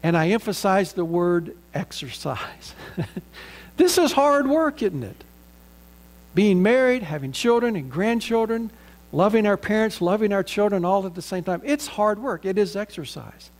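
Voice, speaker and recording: A man's voice: high voice, animated, unhurried. A middle-aged man with a Southern American accent, an earnest pastor preaching a sermon and leading a prayer.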